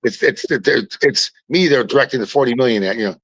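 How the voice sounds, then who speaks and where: Animated man telling stories. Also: mid-range voice, a little fast, no room sound, rough recording. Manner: animated, repeats and restarts words. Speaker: podcast guest. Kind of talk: casual storytelling chat.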